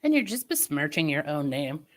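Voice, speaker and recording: A woman's voice: low voice, very animated, normal speed. A woman livestreamer in casual chat with her viewers, venting opinions in a chatty way. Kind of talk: casual live-stream chat.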